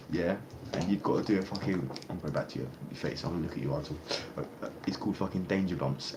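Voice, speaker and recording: Low-voiced young man, rambling. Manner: rambling, heavy swearing, many restarts. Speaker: interviewee. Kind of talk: casual street chat. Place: outdoors on a street. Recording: noisy street ambience.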